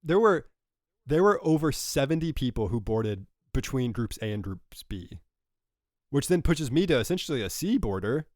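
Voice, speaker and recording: A man's voice: medium pitch, very animated, normal speed, darkish tone, dry recording, clean studio sound. A young man co-hosting a podcast, telling rambling stories in casual chat while recovering from a cold. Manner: rambling, self-correcting storyteller. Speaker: podcast co-host.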